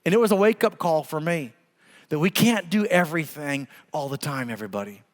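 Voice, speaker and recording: High-voiced middle-aged pastor, reverberant hall. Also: male voice, fairly quick. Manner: storytelling with humor, animated. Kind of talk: sermon. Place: church sanctuary.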